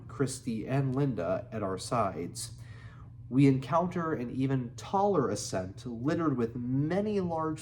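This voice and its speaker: Slow, measured male reader. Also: mid-range voice, a little hiss or hum. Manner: measured reading, breaking into excited, laughing asides. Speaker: audiobook reader. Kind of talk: reading a memoir aloud.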